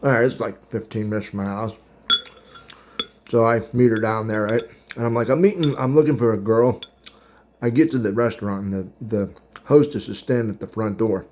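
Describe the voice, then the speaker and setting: A man's voice: lowish voice, brisk, darkish tone, a little hiss or hum. A man in his thirties telling a rambling, chatty story about his dating past, eating while he talks and laughing at his own tale. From Pittsburgh area. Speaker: podcast host. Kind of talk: casual storytelling.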